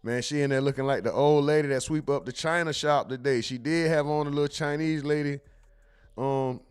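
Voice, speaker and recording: A man's voice: on the high side, steady tone, brisk, clear, resonant tone. Slangy man hosting a livestream. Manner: slangy, reads chat comments aloud. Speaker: livestream host. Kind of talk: casual livestream chat.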